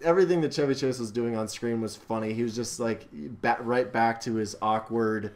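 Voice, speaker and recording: A young man chatting casually in a movie review, excitable and laughing often as he acts out scenes. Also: medium pitch, normal speed.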